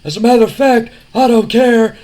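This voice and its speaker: A man putting on the voice of a brash, defiant male wrestler who taunts loudly. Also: extremely high pitch, voice pushed up. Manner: loud, taunting, drawn-out jabs.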